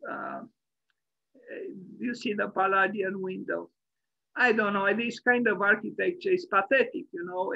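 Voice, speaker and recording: A man's voice: high-pitched, creaky, no room sound, highs cut off. A man giving an online architecture lecture as host, rambling and opinionated, with many fillers and restarts.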